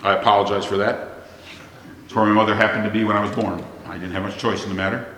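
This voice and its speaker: American preacher in an echoey hall. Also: male voice, fairly low pitch, level tone, quick pace, fairly bright tone, a little hiss or hum. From United States. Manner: conversational preaching with rhetorical questions to the congregation. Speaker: pastor. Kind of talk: sermon. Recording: echoey long reverb of a church hall.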